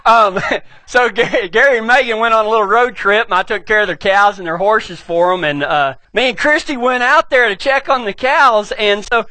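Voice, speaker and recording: A middle-aged man with a West Texas accent, a pastor telling a humorous story in an animated, folksy way. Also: high-pitched, moderate pace, no room sound.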